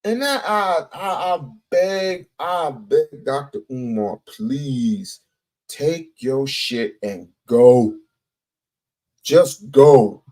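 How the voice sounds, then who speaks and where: A man's voice: mid-range voice, expressive, drawn-out words, darkish tone, poor audio. A man giving a heated commentary rant, blunt and profane, repeating himself for emphasis.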